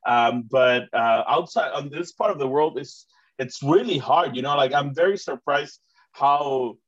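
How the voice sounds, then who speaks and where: Host with rambling, excited talk. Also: male voice, mid-range voice, unhurried. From Mexico. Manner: rambling, many fillers and restarts, enthusiastic. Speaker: host and comedian. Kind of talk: casual chat. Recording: dull, muffled recording.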